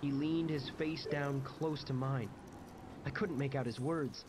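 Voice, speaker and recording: A man reads a first-person horror story in a mid-pitched voice with dramatic flair. Loud gunfire and clicks crackle behind his narration. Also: fairly even intonation, measured pace. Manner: dramatic, shouts out quoted lines.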